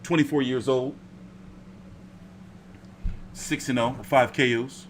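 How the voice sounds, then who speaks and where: A man's voice: mid-range voice, takes it slowly, slight background noise. A man hosting a casual boxing stream at home, rambling and swearing freely as he chats. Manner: profane, rambling, animated. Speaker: boxing commentator. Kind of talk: casual livestream chat.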